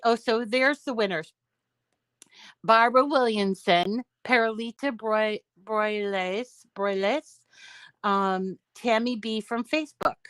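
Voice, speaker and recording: A woman's voice: medium pitch, a bit bright, dry recording. A middle-aged woman, chatting casually with live viewers as a craft show host, rambling and reading out comments.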